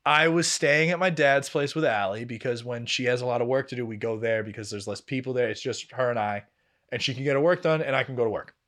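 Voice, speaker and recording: A young man with a mid-range voice talks fast while telling a story as a podcast co-host in casual chat. He's animated, acting out what others said, laughing and swearing freely.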